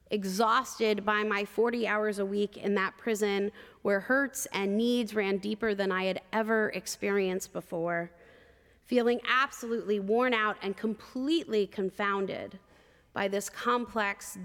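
A woman preacher telling a personal story in a sermon, measured and expressive with vivid detail. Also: mid-range voice, in a large hall.

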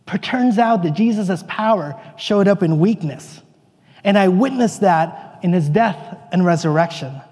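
A man playing a bewildered, excitable apostle, telling his story in earnest, rambling first-person monologue. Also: high-pitched, unhurried, slightly rough, long reverb tail, exaggerated voice. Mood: reflective. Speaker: actor in a church dramatic monologue.

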